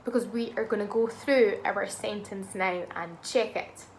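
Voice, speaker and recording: A woman teaching a phonics lesson to young children, speaking slowly and clearly and sounding out words in an encouraging way. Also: mid-range voice, fairly even intonation, a little hiss or hum. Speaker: primary school teacher.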